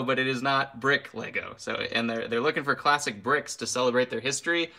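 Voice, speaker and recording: A man's voice: mid-range voice, normal speed, pushed and bright. A young man hosting a casual live stream, ranting with heat, then apologizing with a laugh and reading out viewer names. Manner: reads viewer names aloud.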